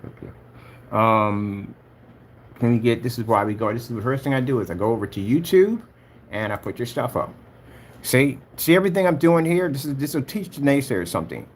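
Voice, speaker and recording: A man's voice: medium pitch, sing-song, quick pace, darkish tone, slight background noise. A man who makes projector screens, giving heated vlog commentary and taunting a rival with repeated jabs. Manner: taunting, repeats himself, talks straight at a rival. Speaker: projector screen maker vlogger.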